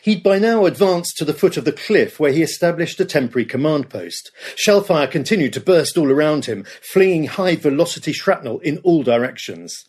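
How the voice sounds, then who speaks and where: Male documentary narrator, husky and fairly high voice, dramatic storytelling. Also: lively intonation, normal speed, few pauses, a little mellow. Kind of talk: scripted history narration.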